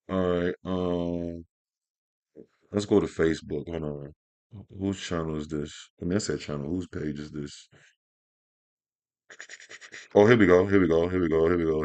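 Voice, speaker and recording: A man's voice: sits low, a little mellow. A man hosting casual reaction commentary, talking loosely and profanely, rambling, stumbling and repeating himself. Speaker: commentary host reacting to clips.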